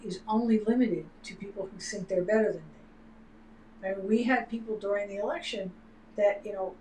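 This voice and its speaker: A woman's voice: medium pitch, a little mellow. A woman co-hosting a livestream, talking in an emphatic, heated way and swearing now and then. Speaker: livestream co-host. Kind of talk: casual political discussion. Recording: roomy with faint noise.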